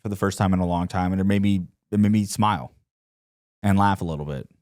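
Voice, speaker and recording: A man's voice: deep voice, quick pace, darkish tone. A man co-hosting a podcast, telling stories casually with lots of fillers. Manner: loose storytelling, filler-heavy. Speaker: podcast co-host. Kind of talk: casual chat.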